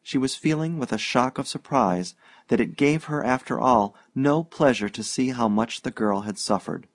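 A man narrating an audiobook with a steady, even-paced delivery and a mid-range voice. The recording is dry and close, with no room sound. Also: medium pitch, normal speed, dry recording.

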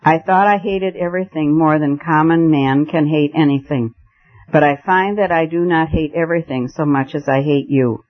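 A man's voice: a little high, steady tone, moderate pace, lightly acted. A man reading the part of a bitter, defiant male anarchist in fierce, accusing declamation, on a muffled lo-fi recording. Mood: restrained menace.

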